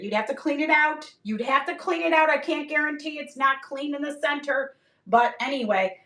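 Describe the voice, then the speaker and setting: A woman's voice: sits high, a bit bright. A woman selling items on a live stream in a bubbly, chatty way, greeting viewers by name and joking. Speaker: live-stream auction seller. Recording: echoey room, mic far off.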